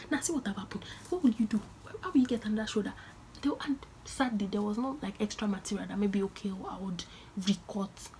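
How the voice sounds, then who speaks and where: A woman's voice: mid-range voice, fairly quick, darkish tone, a little hiss or hum. A young woman vlogging casually, telling a story dramatically and often dropping into whispered asides.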